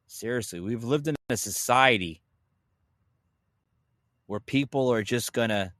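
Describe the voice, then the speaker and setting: A man's voice: medium pitch, a little slow, long pauses, fairly bright tone, no echo, clean studio sound. Heated sarcastic male podcast host. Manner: heated, sarcastic, swears, addresses folks. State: a little winded. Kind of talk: opinion podcast rant.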